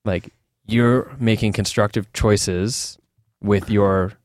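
A male author, appearing as an interview guest, candidly tells personal stories in a loose, rambling manner with many fillers and restarts. His lowish voice is slow, a little mellow, and fairly even in intonation.

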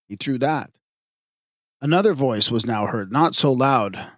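A man narrating an audiobook of myths in a measured, even reading. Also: mid-range voice, dry recording, studio quality. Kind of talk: scripted narration.

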